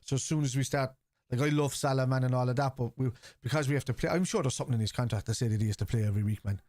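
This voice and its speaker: A man's voice: mid-range voice, rapid-fire, darkish tone, no echo, clean studio sound. A man hosting a live fan watchalong, reading out and answering viewer chat in a blunt, casual way, swearing freely. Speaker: fan channel host.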